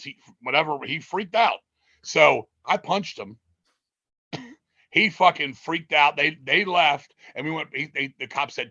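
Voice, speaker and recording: Profane, rambling man with a bright voice. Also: fairly high pitch, moderate pace, no room sound, dull audio. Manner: profane, rambling, animated storytelling. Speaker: interviewee, metal musician. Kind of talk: casual storytelling interview.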